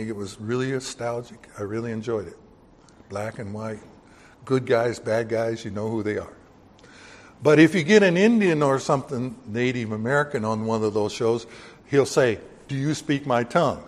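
Folksy preacher in a reverberant hall. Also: male voice, mid-range voice. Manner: folksy, joking, animated bursts of emphasis. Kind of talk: sermon.

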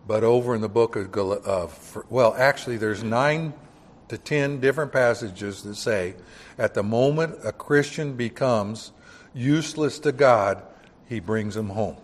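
A man's voice: mid-range voice, a little slow. An older man preaching a Bible-teaching sermon in a church, talking conversationally and asking the congregation rhetorical questions. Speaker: pastor.

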